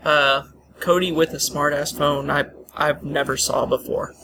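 A man's voice: fairly high pitch, fairly even intonation. Stammering man in a noisy lobby. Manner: halting, stammering delivery. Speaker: podcast co-host. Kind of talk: casual podcast chat. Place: hotel lobby.

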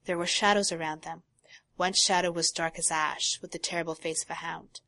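A woman co-hosting a casual talk show, reading a long passage from a novel aloud and breaking off for quiet asides. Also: fairly low pitch, steady tone, fairly quick, no echo. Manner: reads prose steadily, drops to quiet asides. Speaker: podcast co-host.

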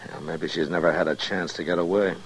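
An actor playing a steady frontier marshal who speaks calmly and with quiet authority, in 1950s radio drama style. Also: male voice, a little fast, a little hiss or hum, natural voice. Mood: hushed steady. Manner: calm, low-key, commanding.

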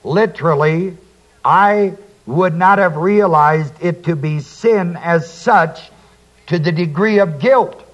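A man's voice: on the high side, lo-fi sound. A man teaching through a Bible passage verse by verse, reading scripture aloud and then explaining it. He asks his listeners to fill in key words. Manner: slow, deliberate, quotes scripture then explains. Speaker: preacher.

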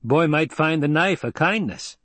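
A man voicing a rough, menacing male desert guard who talks in a coarse, sneering way. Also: fairly high pitch, expressive, moderate pace, fairly bright tone, no echo, pitched above the performer's own voice.

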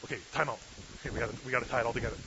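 A man preaching a sermon as pastor, retelling a story in a lively way and asking the listeners questions. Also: medium pitch, rapid-fire. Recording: slightly dull recording with faint hiss.

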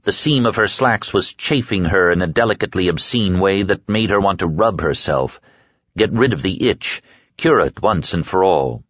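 A man reading an audiobook in a measured, steady narration. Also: sits low, slightly rough, no room sound. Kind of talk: scripted narration. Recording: dull, dry lo-fi audio.

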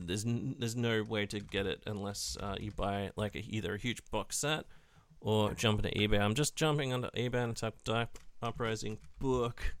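A man's voice: fairly low pitch, steady tone, moderate pace, hardly any pauses. A man co-hosting a casual hobby chat, rambling with many fillers and swearing. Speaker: podcast co-host.

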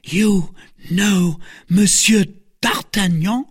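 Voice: medium pitch, expressive, measured pace, breathy edge, no room sound, studio quality, voice pushed up. A reader voicing an earnest young novice nun in a storybook reading, with a raised, eager character voice.

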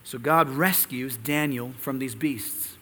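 A man's voice: medium pitch, takes it slowly, pushed and bright, long reverb tail. A man preaching an expository sermon, reading scripture and teaching earnestly, with rhetorical questions to the congregation. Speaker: pastor.

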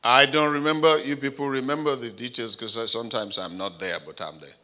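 A pastor preaching a sermon, telling stories with animated shifts of voice and acting out the people he quotes. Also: medium pitch, brisk.

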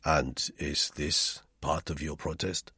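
Male narrator doing a cold, sneering spy: deep, husky, dry, contempt in every line. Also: fairly even intonation, slow, no room sound, exaggerated voice. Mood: sardonic. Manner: icy and acid, softly contemptuous. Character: cold, sardonic, menacing middle-aged male spy. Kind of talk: audiobook character reading.

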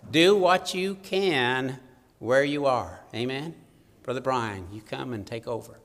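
A man's voice: mid-range voice, measured pace, fairly bright tone, in a large hall. A man preaching a sermon, reciting a poem with rhythmic emphasis and then urging his congregation on. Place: church hall.

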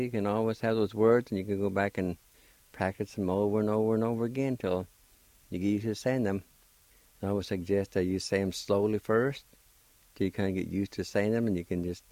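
A man's voice: lowish voice, darkish tone, no echo, rough recording. A middle-aged man, patiently spelling and sounding out words in a radio language lesson. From Oklahoma, US. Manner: encouraging. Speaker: language teacher and radio host.

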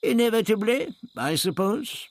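A man's voice: sits high, lively intonation, normal speed, voice pushed up. A man voicing an elderly male doctor who speaks dryly and sardonically. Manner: dry, sardonic.

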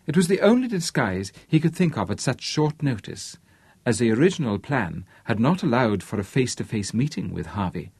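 A man narrating an audiobook in a lively, expressive reading. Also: mid-range voice, normal speed, gravelly, slightly rough, no echo. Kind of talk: scripted narration.

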